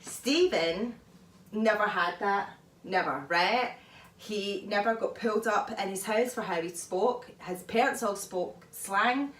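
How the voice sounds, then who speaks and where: A woman vlogger talking through advice in a chatty, animated way, often laughing, recorded at home. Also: mid-range voice, takes it slowly. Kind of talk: casual advice talk. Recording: echoey room, mic far off.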